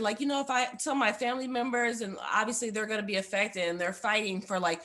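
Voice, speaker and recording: A woman's voice: a little high, quick pace, few pauses, a bit bright. A young woman, a guest on the show, giving a heartfelt personal testimony in a rambling way, full of fillers.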